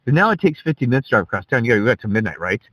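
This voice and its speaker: A man's voice: mid-range voice, very animated, racing, fairly bright tone, husky, no room sound, rough recording. A man telling a rambling, profane anecdote in a casual way, often checking in with "right?". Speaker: storyteller.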